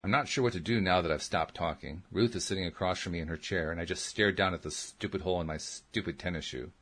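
A man's voice: sits low, fast, fairly bright tone, husky. A man reading a first-person story aloud as an audiobook narrator, in a plain, earnest storytelling manner.

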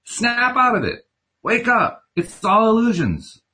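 A man reading as a calm, teasing mystic teacher. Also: sits high, takes it slowly, husky, pitched above the performer's own voice, exaggerated voice. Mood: urging. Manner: patient, instructive questioning.

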